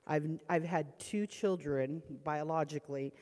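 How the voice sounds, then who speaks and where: A low, mellow woman's voice tells an emotional personal testimony in a church hall, reliving past fear as she speaks. The sound carries a long reverb tail from the room. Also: a little slow, few pauses. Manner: emotional storytelling, reenacting past panic.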